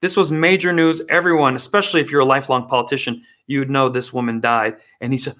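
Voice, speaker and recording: A man's voice: medium pitch, steady tone, fast, few pauses, a bit bright. Sarcastic man doing political stand-up. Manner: sarcastic, mocking. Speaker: comedian.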